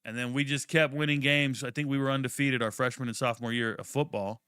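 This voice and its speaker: A young man hosting a live draft watch party, chatting casually and telling stories in a slangy, profane, animated way with sudden loud outbursts. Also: medium pitch, fast, clear, resonant tone, no room sound. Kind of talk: casual live commentary and storytelling.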